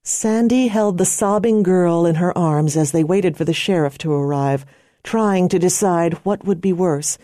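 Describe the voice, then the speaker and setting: A woman narrating an audiobook in a slow, measured storytelling manner. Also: fairly low pitch, dark tone, no echo, studio quality.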